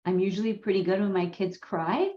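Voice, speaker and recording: A woman whose first language is Gujarati, hosting a parenting course in a candid, animated storytelling way with frequent laughs. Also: medium pitch, fairly quick. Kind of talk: conversational course talk. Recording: roomy, slightly dull sound.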